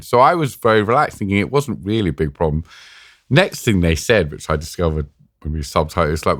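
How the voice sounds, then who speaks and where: A man's voice: lowish voice, very animated, normal speed, fairly bright tone, no room sound, clean studio sound. A middle-aged British man telling war stories in an interview, self-mocking and acting out the voices he quotes. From Britain. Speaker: war journalist guest. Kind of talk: animated storytelling in an interview. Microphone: podcast mic.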